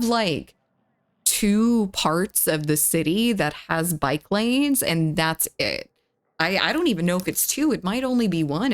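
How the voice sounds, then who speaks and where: A woman, rambling in casual chat with her live viewers and reading their messages aloud. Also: on the low side. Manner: rambling, lots of filler "like", reads chat aloud. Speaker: streamer.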